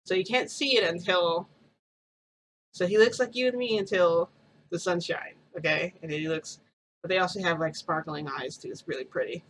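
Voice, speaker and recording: A woman's voice: on the low side, moderate pace, fairly bright tone, a little hiss or hum, low-quality recording. A woman vlogger casually telling a first-person story, rambling and full of "like" fillers.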